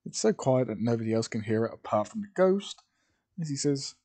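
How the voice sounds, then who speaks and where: A man's voice: mid-range voice, expressive, brisk, darkish tone. A man improvising a fan-fiction story aloud, rambling and correcting himself as he goes. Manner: rambling, self-correcting, hesitant.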